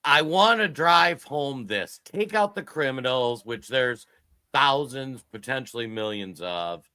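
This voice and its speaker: A fifty-year-old man co-hosting a political podcast with a bright, forceful voice. He talks in an excitable, joking and emphatic way, and the sound is close and dry. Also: medium pitch, a little slow, no room sound. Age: 50s. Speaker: podcast co-host. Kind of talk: casual political podcast chat.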